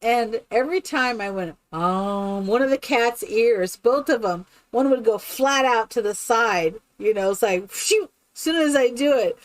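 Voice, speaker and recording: A woman streaming a game who chats casually and tells stories in an animated way. She laughs often and keeps asking "right?". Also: on the high side, normal speed, hardly any pauses, no room sound. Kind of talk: casual chat while playing a game.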